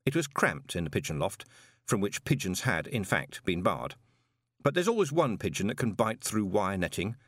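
A man narrating an audiobook in an expressive storytelling manner. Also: on the low side, moderate pace, dry recording, clean studio sound.

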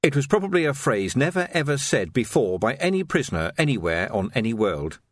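A man reading a novel aloud as an audiobook narrator, expressive and story-paced. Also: medium pitch, fairly quick, slight background noise.

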